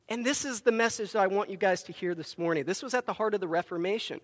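A man's voice: high voice, fast talker, hardly any pauses, big-room sound. A man preaching a Sunday sermon into a microphone in a church, telling Bible stories with emphasis and acting out the quotes. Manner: storytelling with acted quotes, emphatic. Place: church sanctuary.

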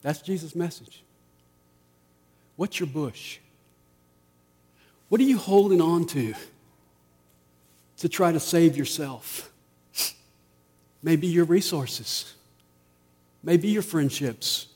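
Man, pastor, sermon, emphatic swells then quiet asides, long hall reverb. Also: on the high side, takes it slowly, pauses often, slightly rough. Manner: preaching, rising to emphatic peaks then dropping to quiet asides.

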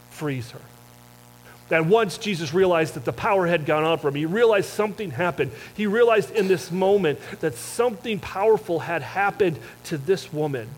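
A man preaching a sermon in a conversational storytelling way, often dropping soft and low for emphasis. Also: slight background noise, rough recording. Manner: self-described wordy talker. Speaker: pastor.

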